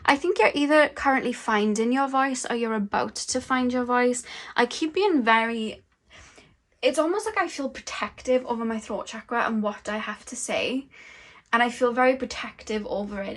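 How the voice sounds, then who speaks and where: Slow, dreamy young woman reading tarot. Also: a little high, a bit bright. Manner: slow, dreamy, musing channeling talk. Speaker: tarot reader.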